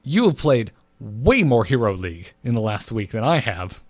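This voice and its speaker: A man co-hosting a casual gaming podcast, his pitch sitting right in the middle of the range. He laughs easily and reads listener mail in a loose, friendly way. The sound is close and dry. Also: sing-song, moderate pace, dry recording. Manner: chuckles often, reads listener mail aloud. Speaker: podcast co-host.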